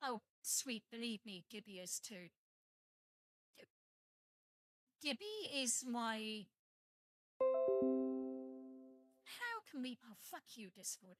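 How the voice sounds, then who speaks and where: A woman's voice: mid-range voice, slow pace, pauses often, faint music behind. A young British woman streaming live, rambling casually to her viewers and swearing at her computer. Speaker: VTuber streamer.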